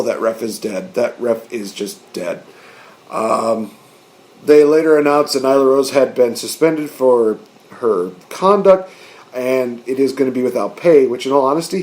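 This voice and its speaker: A man hosting a podcast, chatting excitedly, laughing and rambling as he recaps. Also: mid-range voice. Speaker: podcast host. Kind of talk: casual chat.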